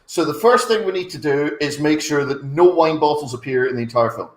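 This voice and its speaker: Comedian, animated and sweary, slightly high voice, roomy echo. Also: male voice, a little fast. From Scotland. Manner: animated, swears, laughs often. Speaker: comedy panelist. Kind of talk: casual comedy chat.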